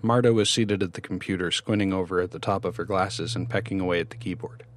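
Low-voiced man narrating a story. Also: steady tone, quick pace, slight background noise. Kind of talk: scripted narration.

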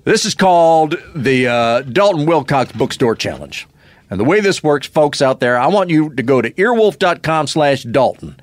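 A man's voice: a little high, sing-song, moderate pace, dry recording. A man playing a cranky, swearing cowboy poet who hosts a comedy podcast, with folksy rural talk. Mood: boastful. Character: cranky male cowboy poet, gruff and defensive. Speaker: podcast host.

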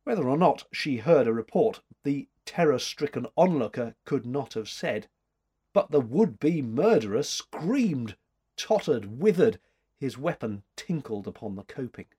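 A man reads an old-fashioned story aloud at an unhurried pace. His voice is husky, and his pitch rises and falls in a lively way. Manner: measured, expressive reading. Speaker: audiobook narrator.

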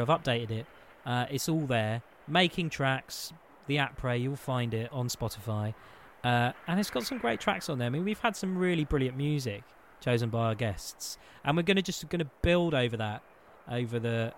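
A man, co-hosting a podcast and telling an anecdote with lively, excitable energy. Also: mid-range voice, normal speed, a little hiss or hum. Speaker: podcast co-host. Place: podcast studio.

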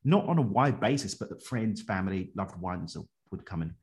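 A man recounts his own story as a podcast guest, talking animatedly and breaking into chuckles. His voice sits fairly low. His phrasing is casual and full of everyday slang. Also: normal speed. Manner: animated, chuckles often, colloquial. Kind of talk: personal storytelling in conversation.

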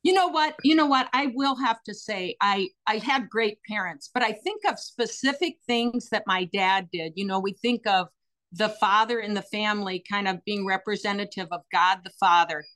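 A middle-aged woman, a guest telling personal stories in an interview, earnest and animated with frequent fillers. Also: mid-range voice, moderate pace. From United States.

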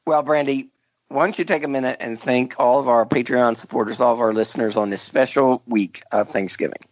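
A man's voice: mid-range voice, steady tone, brisk, no room sound. A man steers the chat with mock seriousness, playing the straight interviewer to his co-hosts. His voice sits close and dry on the mic. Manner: mock-earnest interviewer, egging others on. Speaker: podcast host. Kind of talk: comedic podcast banter.

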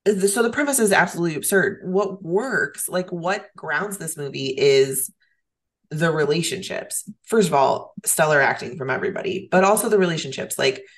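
A woman's voice: sits low, lively intonation, moderate pace. A woman co-hosting a casual movie podcast chat, opinionated and blunt, with frequent ums. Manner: opinionated, fillers like um. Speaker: podcast co-host.

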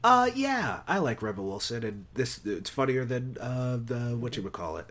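Casual male co-host, very lively intonation, rambling and playful. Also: mid-range voice, normal speed. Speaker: podcast co-host. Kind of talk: casual movie review chat.

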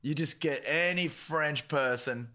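A man co-hosting a podcast in casual chat, animated and joking, laughing often. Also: on the high side, unhurried. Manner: animated, laughs a lot, plays with words. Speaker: podcast co-host.

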